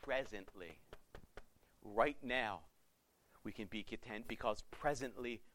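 A male pastor preaching a sermon with passion, swinging between loud urging and hushed pleading. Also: lowish voice, takes it slowly, a little hiss or hum.

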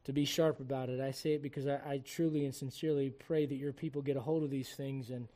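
A middle-aged man from Puerto Rico preaching a sermon to a congregation, shifting from fervent shouts to quiet, earnest appeals and slipping in jokes. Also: medium pitch, fairly even intonation, fast. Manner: joking asides to the congregation. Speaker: pastor. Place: church service before a congregation.

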